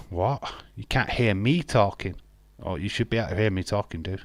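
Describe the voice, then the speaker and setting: English male streamer, casual and jokey, lowish voice, dry close sound. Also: expressive, normal speed, dry recording. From England. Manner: chatty, jokey, reads viewer chat aloud. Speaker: live stream host. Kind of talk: casual wrestling watch-along commentary.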